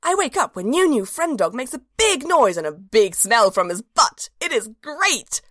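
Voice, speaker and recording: A woman's voice: fairly high pitch, big pitch swings, moderate pace, fairly bright tone, no room sound, clean studio sound. A woman narrating a storybook in the voice of a cheerful, simple-minded little dog, earnest and childlike.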